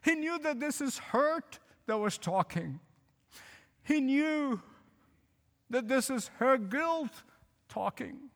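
A male pastor preaching a sermon, emphatic, repeating phrases and slowing to stress lines. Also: extremely high pitch, expressive. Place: church. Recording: hall reverb.

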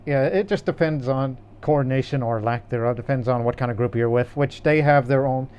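A man's voice: medium pitch, fairly quick, a little mellow, clean tone. A man co-hosting a casual gaming podcast, rambling in an easygoing way with frequent restarts. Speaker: podcast co-host.

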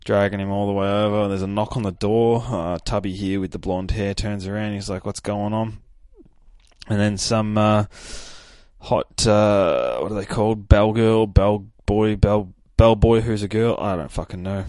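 A man's voice: on the low side, fairly even intonation, moderate pace, a little mellow, no room sound, studio quality. A hungover young man hosting a podcast, recapping a comic in a rambling, profane, casual way with lots of fillers. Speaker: podcast host.

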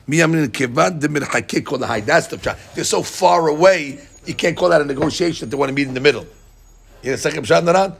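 A man leads a text class at a rapid clip in a gravelly, husky voice pitched a little high. He acts out the people he quotes and often repeats his words as he explains. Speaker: Talmud class teacher.

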